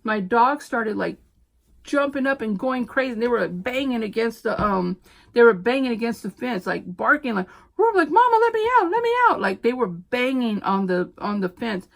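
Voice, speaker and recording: A middle-aged woman, a homeschooling mom telling stories in a chatty, animated vlog. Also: a little high, moderate pace, gravelly. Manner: chatty, animated storyteller with frequent fillers. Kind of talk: casual chat.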